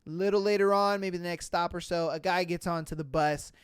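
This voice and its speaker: A podcast host reading out reddit stories and reacting with loud exclamations, swearing and frequent laughter, into a close mic. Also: medium pitch, fairly even intonation, brisk, clean tone, no echo. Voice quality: profane, exclamatory, laughs often.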